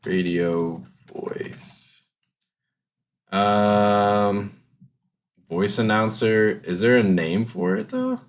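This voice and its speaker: A man's voice: on the low side, expressive, slow pace. A man co-hosting a podcast in casual chat, teasing and swearing casually, laughing often. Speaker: podcast co-host.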